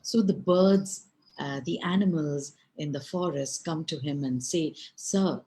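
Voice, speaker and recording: Slow, low-voiced woman storyteller. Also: poor audio. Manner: unhurried, expressive, addresses listeners with asides. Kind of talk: oral folk storytelling.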